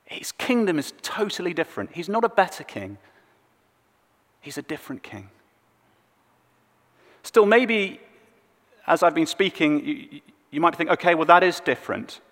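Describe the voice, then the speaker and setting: Man preaching slow, big swings up and down, echoey hall reverb. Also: sing-song. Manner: dramatic swings between loud emphasis and hushed low lines. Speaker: pastor. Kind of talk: sermon.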